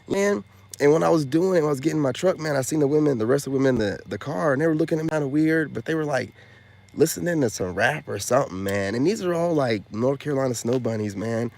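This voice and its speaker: A man vlogging a casual story in a rambling, slangy way, dropping loud boasts and then hushed asides, full of filler phrases. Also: mid-range voice, animated, fast, creaky.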